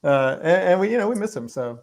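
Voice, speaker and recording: A man in a relaxed, rambling way answering fan questions as a longtime cast member in a live Q&A. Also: high-pitched, fast talker. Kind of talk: casual chat.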